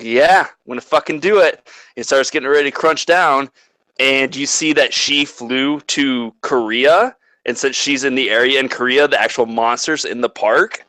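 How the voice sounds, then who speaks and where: A man's voice: mid-range voice, sharp tone, no room sound, rough recording. A man co-hosting a casual chat, rambling through a plot recap with lots of swearing and filler "like"s. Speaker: podcast co-host.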